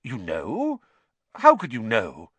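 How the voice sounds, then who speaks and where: A man voicing an anxious, serious middle-aged father who speaks quietly, tensely and in a hurry. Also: mid-range voice, wildly swooping pitch, takes it slowly, breathy edge, dry recording, heavily acted.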